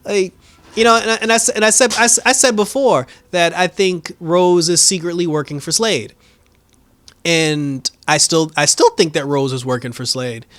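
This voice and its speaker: A high-voiced man talks through a show recap in loose, slangy, profane casual chat. He gets animated, laughs often, and mimics what characters said. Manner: acts out characters' lines in quick mimicry. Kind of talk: casual reaction review.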